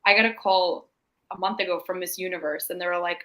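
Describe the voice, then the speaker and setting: A woman's voice: lowish voice, brisk, rough recording. A woman in her twenties, a sports broadcaster speaking as a panel guest, retelling events enthusiastically in casual talk. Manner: enthusiastic, upbeat retelling with lively quotes.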